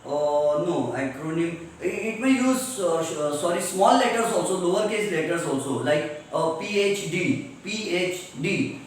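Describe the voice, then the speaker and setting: A man with an Indian English accent teaching English grammar in a classroom lecture, explaining slowly and repeating his examples. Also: on the high side, lively intonation. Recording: echoey room, voice from far off, faint noise.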